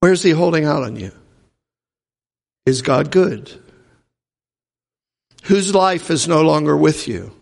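A male pastor preaches with emphasis, stacking up rhetorical questions. His voice is gravelly and set somewhat high. Long reverb from a large hall trails behind him. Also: lively intonation, takes it slowly, pauses often, darkish tone. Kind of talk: sermon.

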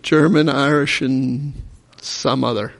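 A pastor with a medium-pitched, gravelly voice preaches slowly with fairly even intonation. He repeats aloud each answer the congregation calls out, and the recording has echoey hall reverb.

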